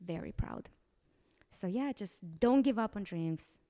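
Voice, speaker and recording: A woman's voice: mid-range voice, lively intonation, a little slow, warm tone, in a large hall. A woman who came to the United States as a podcast guest, talking earnestly and encouragingly at home, often repeating her phrases. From outside the United States. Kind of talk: casual interview chat. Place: home living room.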